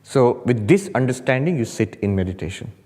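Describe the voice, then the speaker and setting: A man, a monk, gives a spiritual talk at a meditation retreat, teaching through humorous stories and lifting his voice for emphasis. His pitch sits in a middle range. The talk rings in a hall with a long reverb. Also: brisk. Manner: animated storytelling with humor, rising emphasis. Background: audience laughter.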